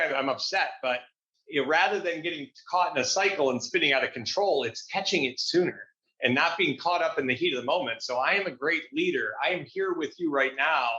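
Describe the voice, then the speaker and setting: An upbeat man speaks as a guest coach in a casual interview, his bright, forceful voice pitched slightly high. He's motivational and frequently restarts phrases. The audio is dull and lo-fi, with a roomy echo.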